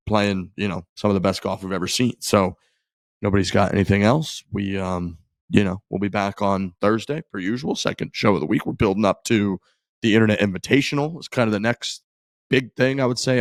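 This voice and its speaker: A man co-hosting a golf podcast in relaxed casual chat, wrapping up the episode. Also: lowish voice, no echo, clean studio sound. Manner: relaxed, wraps up the show. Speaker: podcast co-host.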